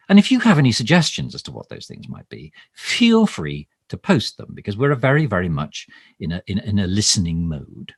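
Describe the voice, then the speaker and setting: A man's voice: on the low side, slightly rough, no room sound, clean studio sound, full character voice. A man playing a bumbling, pompous government minister in a mock live stream, rambling and stammering through ums and restarts. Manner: pompous, overly formal. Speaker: satirical minister character. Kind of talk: improvised comic monologue, mock live stream.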